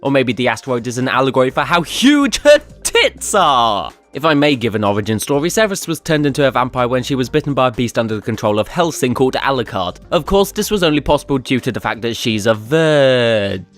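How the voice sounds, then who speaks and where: Sarcastic British man, lively swearing rant. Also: mid-range voice, fairly quick, few pauses, soft background music. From Britain. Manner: sarcastic, profane ranting. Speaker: comedic anime reviewer. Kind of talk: scripted comedic review.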